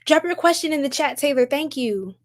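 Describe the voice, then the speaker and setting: Brief: young woman, livestream psychic host, bubbly and gushing, voice sits a bit high. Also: animated, a little fast. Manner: bubbly and effusive, laughs often, gushes. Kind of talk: casual livestream chat reading viewer comments.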